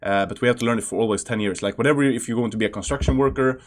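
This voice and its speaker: A man's voice: medium pitch, very fast. A young Swedish man with a Swedish accent, giving loose, chatty reaction commentary with plenty of fillers and restarts. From Sweden. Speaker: reaction channel host.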